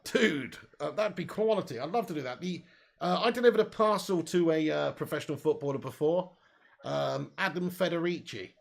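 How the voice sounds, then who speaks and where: Young man, watch-along host, fairly high gravelly voice, chatty, laughs easily. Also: moderate pace. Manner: chatty, laughs often, reads out chat comments. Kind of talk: live match watch-along commentary.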